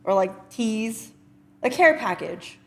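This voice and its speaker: A woman's voice: fairly high pitch, animated, slow, gravelly. Playful woman in casual chat. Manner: joking, playful.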